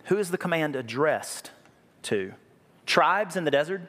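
A man preaching a sermon, lively and joking, with a habit of repeating key phrases. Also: on the high side, measured pace. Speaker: pastor. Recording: reverberant hall.

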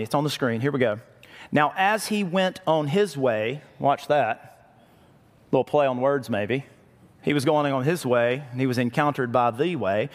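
A man's voice: on the high side, long reverb tail. A man preaching a conversational sermon as pastor, often repeating words for emphasis.

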